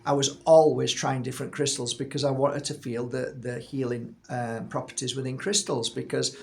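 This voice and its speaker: A man's voice: medium pitch, fairly even intonation, a little fast, gravelly. A man in his fifties, a healer and channel host, casually telling a personal story, rambling with frequent restarts.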